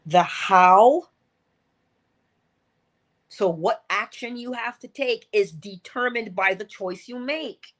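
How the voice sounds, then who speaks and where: A woman's voice: medium pitch, slow pace, long pauses, fairly bright tone. A woman speaks to her listeners in a motivational livestream talk. She is earnest and coaching, and she repeats her key phrases to press them home. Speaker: inspirational speaker.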